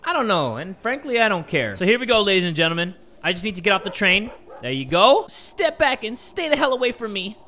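A young man doing let's-play commentary, excitable and jokey, shouting when scared. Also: high voice, fairly quick, few pauses, a little hiss or hum. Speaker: gaming YouTuber. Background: game music.

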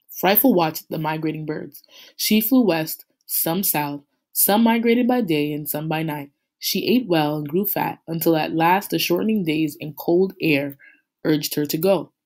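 A woman teacher reading a novel chapter aloud to her class, in a steady, unhurried storytelling manner. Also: lowish voice.

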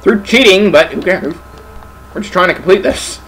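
A man's voice: sits high, lively intonation, normal speed, a bit bright, slight background noise, poor audio. A young man hosting a let's play, joking and bantering casually while playing. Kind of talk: casual gaming commentary.

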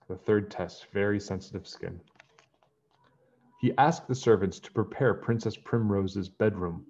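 A man reading a children's picture book aloud in a gentle storytelling manner, then chatting to his young listeners. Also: low-pitched, steady tone, measured pace, dull audio.

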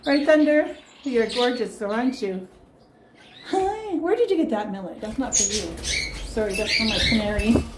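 A woman vlogging at home with her pets, chattering in sing-song baby talk and cheering them on with excited calls. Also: fairly high pitch, normal speed, noisy background. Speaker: pet vlogger. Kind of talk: casual home vlog. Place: home with pets, partly outdoors in snow.

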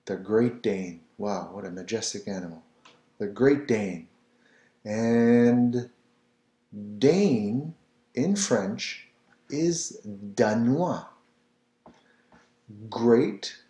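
Man, low mellow voice, slow and patient language tutor in a roomy space. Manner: patient, repeats words for the listener to copy. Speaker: French language teacher. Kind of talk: slow, repetitive pronunciation lesson. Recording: roomy echo.

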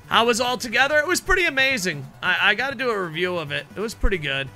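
A man streaming a wrestling video game, chatting casually with his audience and reacting loudly to the matches, swearing now and then. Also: high-pitched, sing-song, quick pace, hardly any pauses, faint music behind. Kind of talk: casual chat over gameplay.

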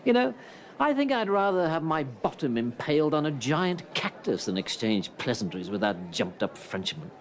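A haughty, sneering English snob. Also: male voice, a little high, very animated, normal speed. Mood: scornful. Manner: sneering, pompous quips. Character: haughty snobbish Englishman mocking the French. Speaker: film character. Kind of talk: film dialogue. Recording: noisy film clip audio.

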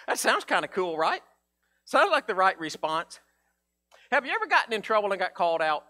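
A man preaching a sermon in a casual, conversational way, acting out Bible figures in a low mumble. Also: big pitch swings, brisk, pushed and bright. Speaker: pastor.

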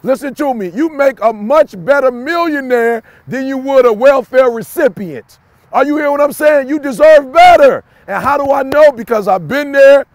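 A young adult man giving a preachy, repetitive motivational talk to camera, swinging from shouts to low confiding tones. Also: moderate pace, dry recording. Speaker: motivational speaker.

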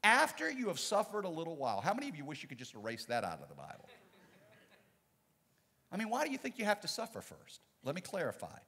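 A man, a pastor, preaching a sermon with dynamic swings from loud to soft. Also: on the high side, wildly swooping pitch, fast, creaky, husky, big-room sound. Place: church sanctuary.

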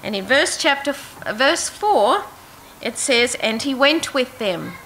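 A woman leads an interactive Bible lesson, reading verses and putting questions to her listeners. Her voice is bright and sits a little high. A faint hum of room ambience runs behind her. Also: lively intonation, slow, low-quality recording. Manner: asks the audience questions, reads verses aloud. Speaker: preacher.

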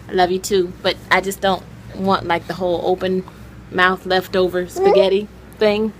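A spirited, dramatic woman vlogging at home, chatting casually and cooing softly to her babies. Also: fairly low pitch, level tone, moderate pace, noisy background. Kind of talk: casual home vlog chat. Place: at home and out in the snow.

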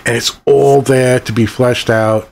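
A man's voice: mid-range voice, fairly even intonation, unhurried, creaky. A middle-aged man ranting angrily about a movie, swearing constantly and rambling from point to point. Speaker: channel host reviewing a movie. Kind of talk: profane ranting movie review.

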